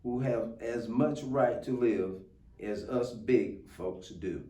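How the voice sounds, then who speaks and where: A man's voice: medium pitch, slow, dark tone, lightly acted. A man voicing a big, kind male elephant who speaks earnestly and pleads for his small friends. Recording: roomy, distant mic.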